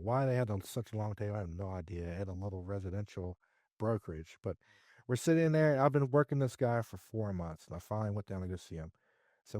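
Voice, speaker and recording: A man as a podcast guest, telling a business story in a lively way and acting out his own dialogue. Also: on the low side, a little fast, no room sound, studio quality. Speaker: podcast guest, real estate investor. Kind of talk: conversational storytelling interview.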